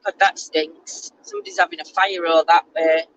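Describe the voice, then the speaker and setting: A woman's voice: fairly low pitch, sing-song, normal speed, fairly bright tone, highs cut off. A woman, chatting casually and teasing herself during a road trip, recorded in a moving car. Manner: chatty, self-mocking. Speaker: vlogger. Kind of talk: casual chat. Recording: car noise in background.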